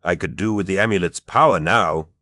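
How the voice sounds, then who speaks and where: A man's voice: sits low, fairly quick, sharp tone, no echo, clean studio sound. A man voicing a weary, blunt warrior duke. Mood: weary, curt.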